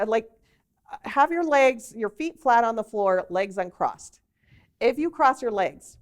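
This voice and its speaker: A woman teaching a workshop on job interview skills, lively and conversational, with demonstrations and asides. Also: fairly high pitch. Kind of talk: workshop presentation to a group.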